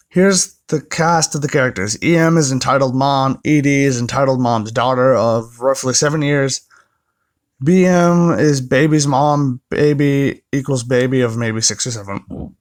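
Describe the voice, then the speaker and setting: A man's voice: mid-range voice, steady tone, measured pace. A man reading online stories aloud, breaking off now and then for wry, chatty comments. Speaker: story reader.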